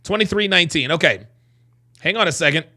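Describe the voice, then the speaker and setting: A man hosting a livestream, reacting to a clip with profane, animated commentary, repeating phrases and stretching words for emphasis. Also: on the high side, quick pace. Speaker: host reacting to a video clip.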